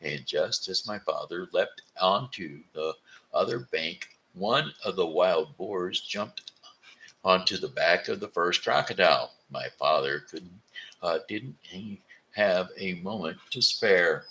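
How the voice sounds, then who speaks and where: A deep, gravelly man from Missouri reads a children's book aloud, slowly and with a lively, rising and falling pitch. He stumbles over words and corrects himself as he goes. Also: a little hiss or hum, rough recording. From Missouri, USA. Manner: slow reading with stumbles and self-corrections. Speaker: host reading aloud.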